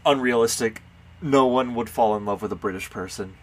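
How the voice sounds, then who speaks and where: A male podcast co-host throwing in sarcastic, crude jokes during a casual chat. His voice is bright and forceful. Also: mid-range voice, fairly quick.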